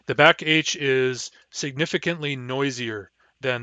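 A man's voice: mid-range voice, unhurried, hardly any pauses, pushed and bright, no room sound. A man giving a pronunciation lesson, explaining sounds plainly and demonstrating them aloud. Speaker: language teacher.

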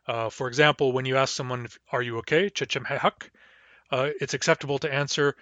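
A man teaching a language lesson, explaining the grammar patiently and step by step and slowing down to sound out each word. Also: mid-range voice, fairly even intonation, fairly bright tone, dry recording, lo-fi sound. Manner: patient, explains step by step, slows down to model words.

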